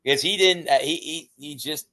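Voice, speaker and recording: A man's voice: a little high, normal speed, sharp tone. Rambling man in casual sports talk. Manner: rambling, restarts sentences. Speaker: podcast co-host.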